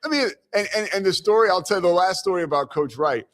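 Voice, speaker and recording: This man hosts a live sports talk show and tells stories with real animation, his voice swinging widely as he acts out the people he quotes. He sits a little high in pitch for a man. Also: expressive, quick pace, fairly bright tone. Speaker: show host. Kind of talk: casual sports radio chat.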